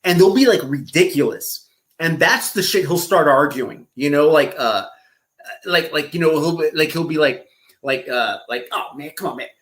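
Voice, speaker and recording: A man chatting casually as a commentator, talking a bit higher than most men. He rambles, keeps restarting, and fills every gap with "like" and "you know.". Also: expressive, normal speed, fairly bright tone. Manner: rambling, heavy use of "like" fillers. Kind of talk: casual chat.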